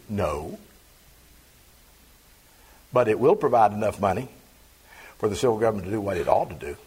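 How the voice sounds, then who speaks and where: A middle-aged male pastor preaching a sermon, reading scripture aloud and then expounding it with slow, emphatic stresses. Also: fairly low pitch, lively intonation, breathy edge.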